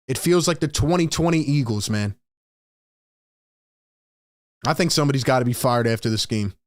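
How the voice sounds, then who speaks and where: A man's voice: mid-range voice, fast talker, no echo. Ranting man on a dry mic. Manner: frustrated ranting, reading out chat comments. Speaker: sports podcast host. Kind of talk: live postgame fan commentary.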